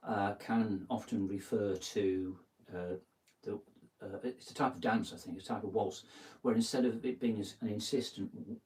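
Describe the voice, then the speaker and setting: A man giving a relaxed guitar lesson, thinking aloud and counting out beats as he plays. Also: lowish voice, moderate pace. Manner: thinking aloud, counts beats and sings lyric snippets while playing. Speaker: guitar teacher. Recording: distant mic with guitar playing.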